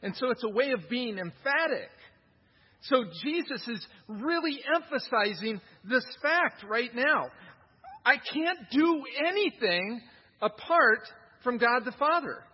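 A middle-aged man preaching a sermon to a congregation, emphatic and animated, often repeating words as he builds a point. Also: very high-pitched, a little slow, breathy edge. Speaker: pastor. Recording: dull, reverberant hall recording.

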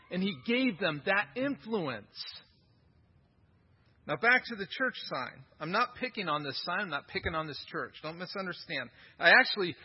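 A man's voice: high voice, breathy edge, highs cut off. A male pastor preaching a sermon in an emphatic style, with rhetorical questions and repetition.

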